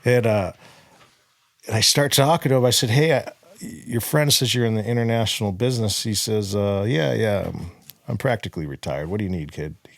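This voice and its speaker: A man's voice: fairly low pitch, fairly quick, vocal fry, no room sound. A young man from Southern California, a podcast guest telling his story in a blunt, profane, casual way and acting out the dialogue.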